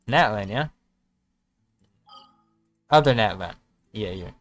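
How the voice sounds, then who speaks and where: A man's voice: lowish voice, lively intonation, slow, soft background music. Man joking through casual gameplay commentary. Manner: joking, talking to himself while playing. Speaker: streamer.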